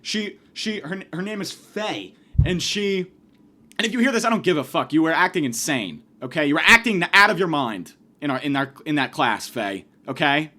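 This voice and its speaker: Young guy going off, swearing a lot, high voice bouncing all over. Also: animated, normal speed, bright, forceful tone. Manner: profane, exasperated, ranting. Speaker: podcast host. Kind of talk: comedic rant.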